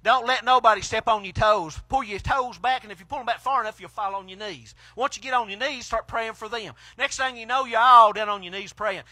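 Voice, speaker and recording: Man, fiery preacher; high, ringing voice, bursts of shouting, then drops low. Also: fairly quick, few pauses, no room sound. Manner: swings between hushed and shouted exclamations. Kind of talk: fiery country sermon. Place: outdoor drive-in church service.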